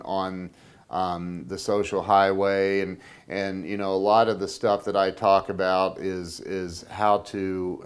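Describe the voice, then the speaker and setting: A man hosting his own business web show, talking casually to camera and rambling with many restarts, getting excited as he tells a story. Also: lowish voice, smooth. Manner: gets excited telling a story.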